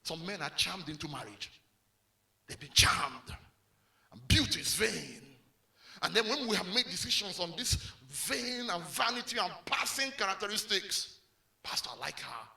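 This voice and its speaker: A male pastor preaching a sermon, animated and full of call-and-response prompts to the congregation. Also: high-pitched, moderate pace, vocal fry.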